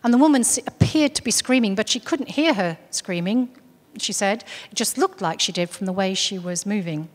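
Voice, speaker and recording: Woman telling a story at a talk, mid pitch, earnest, lots of restarts, echoey hall. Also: lively intonation, moderate pace, hardly any pauses. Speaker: speaker on UFO contactees. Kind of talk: recounting a case story in a talk.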